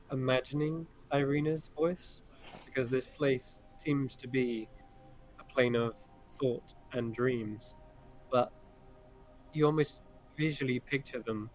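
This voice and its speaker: Slow-spoken male game master. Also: mid-range voice, darkish tone, poor audio. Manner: descriptive, unhurried narration with fillers. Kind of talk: narrating a tabletop game.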